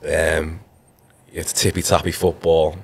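His bass voice moves slowly and carries vocal fry. He's a Liverpool-accented ex-footballer in his thirties, relaxing into stories on a casual podcast and leaning on "like" and "you know."

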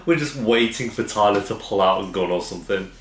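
A man hosting a TV reaction video, making sarcastic, quick asides while he watches. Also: fairly low pitch. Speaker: TV reaction host. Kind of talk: casual reaction commentary. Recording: roomy echo.

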